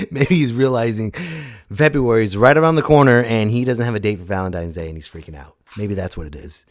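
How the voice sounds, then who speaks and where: A man in his thirties hosting his own podcast, talking loudly and casually in a rambling, jokey way with sudden shouted bits. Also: on the low side, fairly quick. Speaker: podcast host. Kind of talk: casual solo podcast monologue.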